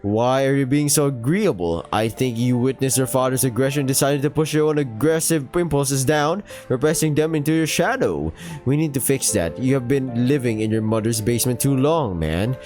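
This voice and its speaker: A man's voice: mid-range voice, moderate pace, darkish tone, soft background music, natural voice. A man voicing a blunt, lecturing middle-aged male therapist in a game playthrough.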